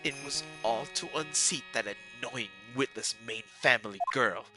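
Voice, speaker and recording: A man with a stuffy nose voicing a scheming, vengeful older woman imprisoned in a cell, reading her lines slowly and coldly. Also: mid-range voice, music in the background, natural voice. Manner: cold, slow and menacing.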